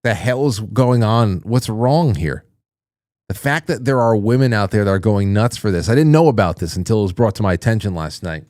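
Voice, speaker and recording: Male call-in host with a low-set voice, casual and joking, close dry mic. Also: brisk, no room sound. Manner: chatty, jokey, animated when reacting. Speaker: radio show host. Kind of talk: casual call-in show, reading viewer messages.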